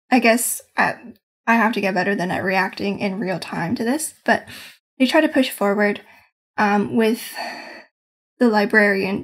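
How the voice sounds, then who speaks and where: A woman game master recaps her tabletop session in a loose, rambling way, pausing often and hedging while she gathers her words. Her voice sits a little higher than most women's. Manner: meandering, hedging, searching for words.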